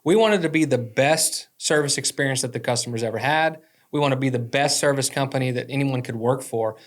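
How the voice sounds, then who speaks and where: An easygoing man on a business podcast, mid-pitched and agreeable. He reflects on shared work history in a relaxed, conversational tone. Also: brisk. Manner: reflective, agreeable, backchannels often. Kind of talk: casual business podcast chat.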